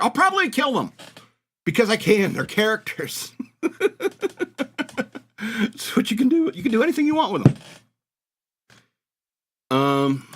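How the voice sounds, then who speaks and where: A man's voice: on the high side, a bit bright. Rambling, mocking American man host. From United States. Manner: rambling, mocking, laughs at his own jokes. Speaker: radio show host. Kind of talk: casual comedic monologue.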